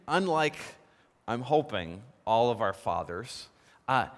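Brief: male pastor, animated sermon delivery, higher voice, long hall reverb. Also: slow. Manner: lively storytelling, asks the congregation questions.

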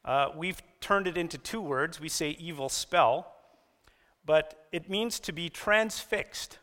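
A man preaching a sermon, telling stories with animated delivery and raising his voice for quoted lines. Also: slow. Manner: animated storytelling, raises pitch for quoted lines. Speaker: pastor. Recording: long reverb of a church hall.

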